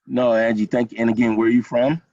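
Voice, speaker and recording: A man's voice: mid-range voice, little pitch movement, quick pace, over a noisy crowd. A middle-aged man leading an online class, encouraging and repeating himself with many fillers over a video call. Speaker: college program instructor. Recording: dull lo-fi video call audio.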